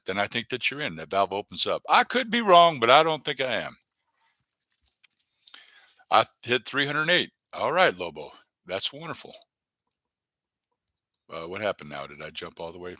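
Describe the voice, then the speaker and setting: A man's voice: on the low side, sharp tone, no echo. A man hosting a live stream, rambling and joking casually as he talks to viewers in the chat by name. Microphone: desk webcam setup.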